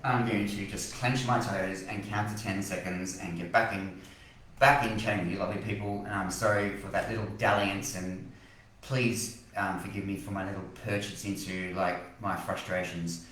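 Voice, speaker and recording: A man's voice: sits low, steady tone, normal speed, fairly bright tone, very echoey, distant mic, poor audio. An Australian man hosting a live weather stream, passionately ranting about forecast models, then apologising. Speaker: weather page host.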